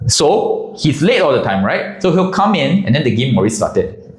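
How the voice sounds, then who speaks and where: A man telling a comic story in a casual, animated way. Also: fairly high pitch, moderate pace, echoey room, poor audio. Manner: animated, drops into character voices.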